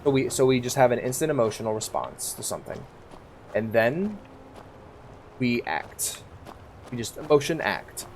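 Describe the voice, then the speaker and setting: A man's voice: medium pitch, very animated, normal speed, long pauses, a little hiss or hum. A stoned man streaming a game, rambling candidly about his life and swearing freely into a desk mic. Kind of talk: casual rambling monologue over gameplay.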